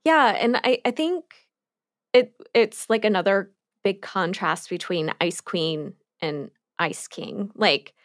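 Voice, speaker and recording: Female podcast co-host, unhurried casual delivery, dry recording. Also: mid-range voice, no room sound. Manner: chatty, many likes, frequent laughs. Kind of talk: casual chat discussing a cartoon episode.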